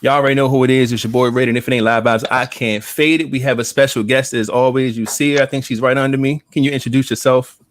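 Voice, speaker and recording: A man hosts a live podcast in a relaxed, chatty way and laughs easily. His voice sits at a middle pitch. The sound is close and dry, with no room around it. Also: quick pace, few pauses, dry recording. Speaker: podcast host. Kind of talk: casual live podcast chat.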